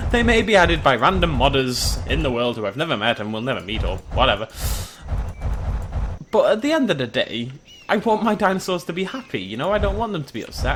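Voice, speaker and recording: A man giving excitable, chatty gameplay commentary and talking to the animals on screen. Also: fairly high pitch, slight background noise. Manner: excitable, chatty, talks to the creatures. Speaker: gaming YouTuber. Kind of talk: game commentary.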